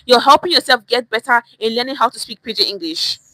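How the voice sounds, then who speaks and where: A young Nigerian woman with a Nigerian accent teaching Pidgin English on a livestream, animated and repeating phrases to show tone. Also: fairly high pitch, fast, no echo, low-quality recording. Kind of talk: livestream lesson.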